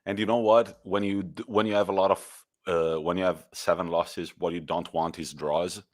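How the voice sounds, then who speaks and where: Deep-voiced man chatting football. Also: moderate pace. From Italy. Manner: lively storytelling, laughs and swears. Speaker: podcast co-host. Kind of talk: casual football chat.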